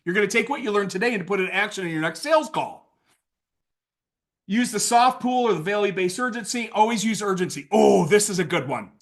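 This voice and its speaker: A man leading a sales training call, energetic and playful, acting out sales lines with lots of hype. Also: high-pitched, fairly quick. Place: video call. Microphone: video call mic.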